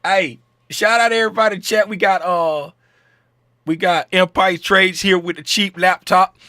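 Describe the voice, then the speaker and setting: Laid-back man on a trading stream, high bright voice, shouting out chat, dry close mic. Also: steady tone, normal speed, no room sound. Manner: joking, shouting out chat viewers by name. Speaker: trading livestream host. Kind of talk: casual livestream chat.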